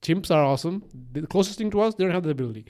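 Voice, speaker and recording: A young man with a mixed accent co-hosts a casual podcast chat. His voice sits a little high, and he rambles, swears freely and restarts his sentences as his ideas run ahead of him. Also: racing. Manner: rambling, profane, animated, many restarts. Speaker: podcast co-host.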